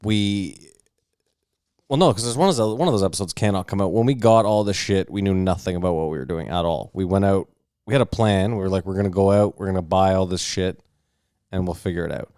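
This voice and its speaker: A man co-hosting a podcast, telling a long, profane, animated anecdote in casual chat. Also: low-pitched, fairly quick, smooth, no echo, clean studio sound. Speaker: podcast co-host. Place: podcast recording setup.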